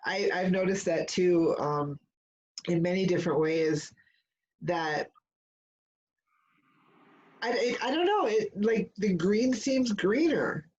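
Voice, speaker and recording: A woman in casual spiritual chat, leading the discussion and telling stories in a rambling, animated way, full of fillers and restarts. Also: on the low side, slow pace, long pauses, dull audio. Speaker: discussion leader.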